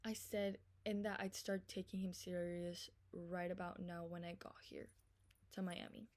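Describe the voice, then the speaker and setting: In a storytime vlog, a young woman recounts an argument over text, rapid, profane and exasperated, veering from loud venting to hushed asides. Her voice is lowish with little pitch movement.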